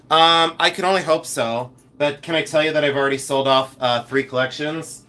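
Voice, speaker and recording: A male podcast host and jewelry collector runs a live stream, chatting in a campy, animated way about his jewelry collection and responding to viewers' comments. His voice is a little high, and he talks a little fast with few pauses.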